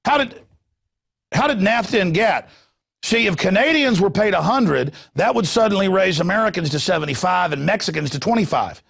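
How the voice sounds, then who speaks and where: A man's voice: high voice, expressive, a little fast, gravelly, a bit bright, breathy edge. A man hosting a talk show, ranting in a combative, sarcastic monologue. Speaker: talk radio host.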